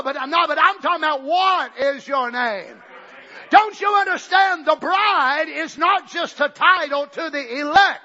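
Man, revival preacher, very high bright voice, shouting, dull lo-fi tape. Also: a little slow. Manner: fiery, shouting, acts out quoted voices. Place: church service.

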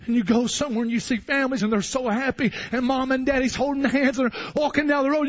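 High-pitched man preaching, goes from hushed to shouting, kinda husky and muffled. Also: moderate pace. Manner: impassioned, swinging from hushed to shouting. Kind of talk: sermon. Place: church building. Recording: dull lo-fi sound.

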